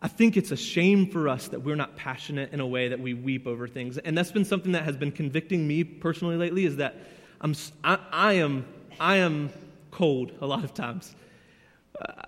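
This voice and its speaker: A man, preaching a sermon as a youth pastor, earnest and emotional, swinging between loud and hushed. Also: on the high side, brisk. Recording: church hall with long reverb.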